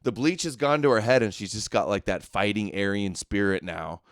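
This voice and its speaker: Man, livestream host, sarcastic, smooth clear voice, dry. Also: on the low side, moderate pace, no echo. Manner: sarcastic, mocking asides. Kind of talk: livestream commentary.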